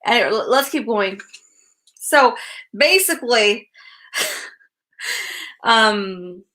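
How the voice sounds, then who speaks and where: A woman talks through a spirit reading at an unhurried pace. Her voice sits a little high and rings bright. She hesitates and restarts often, filling gaps with fillers, and stays frank with easy laughs. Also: lively intonation. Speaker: psychic medium.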